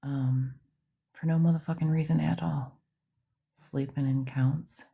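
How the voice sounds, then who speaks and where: A woman's voice: rumbling low, flat delivery, a little slow, gravelly, mellow, husky. A woman, hosting a livestream, half-whispering in a casual chat and greeting viewers by name in her home studio. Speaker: psychic medium livestream host.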